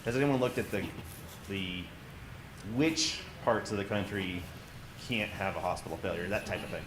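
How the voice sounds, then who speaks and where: A man's voice: low voice, normal speed. A man in the audience asking a long, multi-part question at a conference panel. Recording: echoey room with audible hiss.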